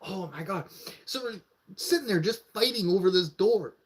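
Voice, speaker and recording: A man's voice: high voice, moderate pace, husky. Man telling a rowdy story. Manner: animated, profane, acts out the voices of others. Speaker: live streamer. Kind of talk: casual storytelling.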